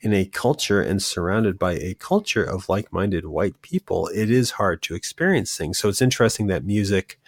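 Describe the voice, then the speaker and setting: A middle-aged man co-hosting a podcast, chatting casually and asking quick follow-up questions. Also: low-pitched, no room sound, studio quality. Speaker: podcast co-host. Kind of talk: casual chat.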